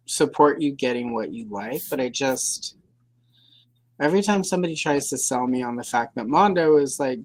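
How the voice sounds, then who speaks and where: A woman's voice: very deep voice, darkish tone, no room sound, poor audio. A woman hosting a livestream, chatting casually in a rambling, hedging way with dry sarcasm. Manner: rambling, hedging, full of fillers and self-corrections. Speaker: livestream host.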